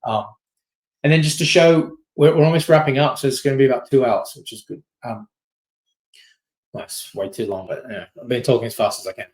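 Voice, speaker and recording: A man who presents himself as a company CEO is giving a masterclass in a quick, loose, casual style, full of fillers and restarts, and he keeps asking "right?". His voice is medium in pitch, steady and somewhat dark, though the audio quality is poor.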